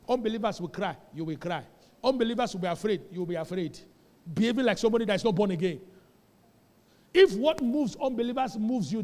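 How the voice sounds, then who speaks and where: High-pitched Nigerian pastor preaching in a hall. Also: male voice, darkish tone. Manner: storytelling with Pidgin asides, rising to emphatic calls. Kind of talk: sermon. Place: church.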